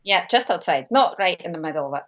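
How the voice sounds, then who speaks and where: A woman's voice: fairly low pitch, animated, fast talker, a bit bright. A woman guesting on a casual live-stream chat, friendly and agreeable. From Scotland. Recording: dull lo-fi call audio.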